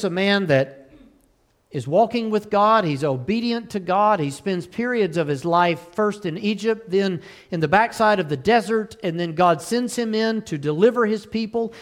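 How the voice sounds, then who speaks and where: A man delivers a sermon in a high, ringing voice. He reads King James scripture aloud, rising to loud pleas and sinking to hushed, solemn tones. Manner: swings between loud pleading and low solemn tones. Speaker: preacher.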